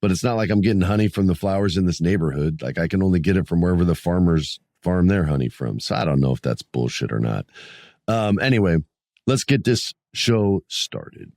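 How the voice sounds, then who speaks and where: A man's voice: low-pitched, animated, fairly quick, a little mellow, no echo, clean studio sound. A man in his late forties hosting a wrestling podcast solo, rambling casually with jokes and plenty of swearing. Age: 40s. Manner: rambling, joking, swears freely. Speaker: podcast host.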